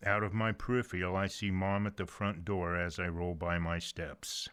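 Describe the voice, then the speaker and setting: Older male narrator, deep and resonant, folksy first-person storyteller with chatty asides. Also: flat delivery, moderate pace, a bit bright, smooth. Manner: folksy, conversational telling with casual asides. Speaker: narrator reading his own short story.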